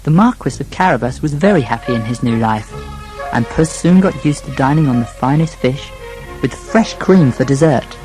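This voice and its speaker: A man narrating a children's storybook, speaking gently to a young listener. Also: medium pitch, lively intonation, normal speed, music in the background, rough recording.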